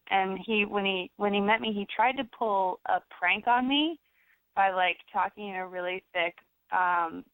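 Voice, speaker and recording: A young American actress chatting in an interview, rambling with lots of fillers and restarts. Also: female voice, medium pitch, smooth, no echo. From United States. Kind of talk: casual interview chat. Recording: dry tinny phone-like sound.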